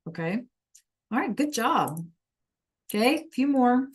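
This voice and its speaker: A woman's voice: on the high side, animated, a little slow, slightly rough. A woman teaching an online Spanish class over a video call, encouraging students to answer in the chat.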